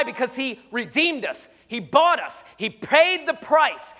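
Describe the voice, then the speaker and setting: High bright-voiced pastor preaching. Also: male voice. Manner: emphatic, conversational, rhetorical questions. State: slightly hoarse. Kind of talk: sermon.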